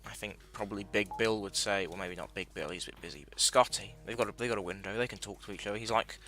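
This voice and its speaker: A man's voice: fairly low pitch, steady tone, quick pace, bright, forceful tone, soft background music. A man giving casual, sweary, rambling commentary while playing a video game, often stopping to correct himself. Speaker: gaming video host.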